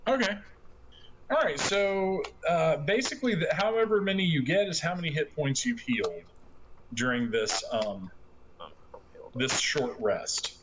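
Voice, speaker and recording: A man's voice: fairly high pitch, expressive, a little slow. A man narrating as game master in a casual, hesitant way, over a noisy online voice chat. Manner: casual, hesitant, many fillers.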